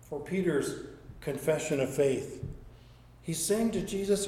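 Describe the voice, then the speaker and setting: A man's voice: a little high, measured pace, long pauses, dark tone. A man preaching a sermon as a pastor, telling stories and acting out quoted speech, often repeating words as he goes. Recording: echoey room sound.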